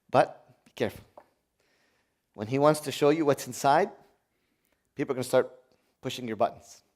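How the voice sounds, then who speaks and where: A man preaching a sermon, swinging between loud, urgent high points and quiet, low asides. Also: moderate pace, pauses often.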